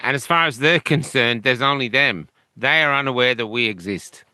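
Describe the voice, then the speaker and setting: A man's voice: medium pitch, moderate pace, bright, forceful tone, no echo. A man with an Australian accent telling the story of his own illness as an interview guest, rambling, with many fillers and restarts. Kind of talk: conversational storytelling.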